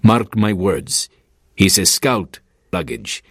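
A man's voice: lowish voice, vocal fry, slightly rough, no echo, clean studio sound, full character voice. A man reading the part of a nervous boat captain who speaks grimly. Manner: grim, slow warning.

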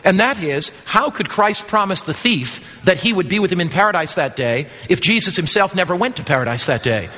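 A man pastor preaching a sermon, building to loud emphatic passages and then dropping back down. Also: sits high, animated, fairly quick, few pauses. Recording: long hall reverb.

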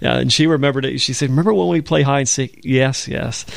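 Gravelly man explaining scripture. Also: medium pitch, quick pace, dry recording. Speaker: Bible program co-host. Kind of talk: radio Bible discussion.

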